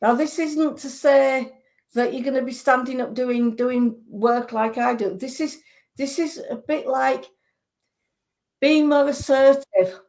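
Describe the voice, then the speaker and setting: A woman clairvoyant giving psychic readings on a radio show, earnest and reassuring, with hesitant pauses. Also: sits high, darkish tone.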